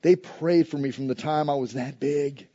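High-voiced man preaching a sermon. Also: normal speed, dull audio. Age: adult with a school-age son. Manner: conversational preaching, shifting between loud emphasis and soft low asides. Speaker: pastor.

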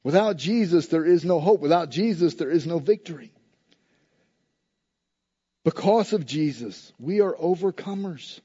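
A pastor preaching a sermon in an emphatic, repetitive cadence. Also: male voice, fairly high pitch, measured pace, warm tone, husky, highs cut off.

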